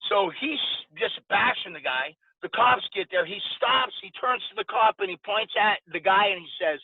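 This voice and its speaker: A man in his forties, a podcast guest, casually telling lively stories and acting out the dialogue. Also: high-pitched, normal speed, few pauses, slight background noise. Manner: animated anecdote-telling with quoted dialogue. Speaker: podcast guest, former boxer. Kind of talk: casual storytelling interview. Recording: dry, tinny phone-like sound.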